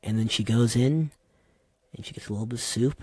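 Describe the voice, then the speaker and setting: Husky, animated storytelling man. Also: fairly low pitch, moderate pace, pauses often, no echo. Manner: animated, digressive storyteller, slangy. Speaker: podcast guest. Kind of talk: casual interview chat.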